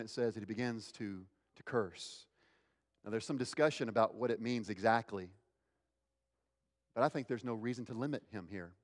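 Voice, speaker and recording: A man preaching a sermon, acting out the quoted lines with big swings in pitch and loudness. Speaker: pastor. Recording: hall with long reverb.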